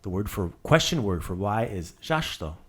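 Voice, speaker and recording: A man's voice: fairly low pitch, very animated, moderate pace, fairly bright tone, husky. A man hosting a casual language lesson, drilling words with playful asides. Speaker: language teacher.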